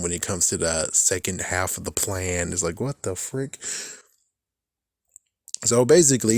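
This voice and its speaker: A young man talking casually about a movie he watched, animated and loose, swearing often and laughing at his own jokes. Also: fairly low pitch, no echo, clean studio sound. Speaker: movie commentary vlogger. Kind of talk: casual rambling movie talk.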